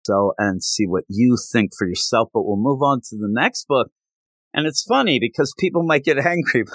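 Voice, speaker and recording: A man hosting a podcast, chatting casually about comic books and retelling scenes with quick voiced quotes. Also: medium pitch, lively intonation, fairly bright tone, dry recording. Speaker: podcast host. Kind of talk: casual comic book review chat.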